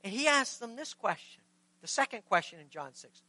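Bright-voiced preacher asking rhetorical questions. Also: mid-range voice, normal speed, no echo, low-quality recording. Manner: conversational, rhetorical questions to the congregation; acts out scripture dialogue in lively voices. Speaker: pastor. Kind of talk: sermon.

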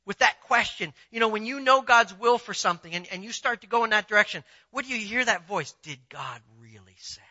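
A man preaching a sermon in a conversational, animated way, asking his listeners rhetorical questions. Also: sits high, quick pace, hardly any pauses. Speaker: pastor. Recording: dull lo-fi sound.

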